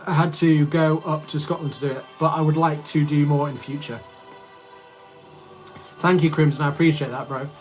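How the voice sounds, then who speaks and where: A man's voice: fairly high pitch, fairly even intonation, normal speed, pauses often, faint music behind. A man in his thirties from Yorkshire, streaming a casual livestream chat where he reads comments and rambles in a friendly way while he edits. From Yorkshire, England. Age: 30s. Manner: rambling, friendly, easily distracted while editing.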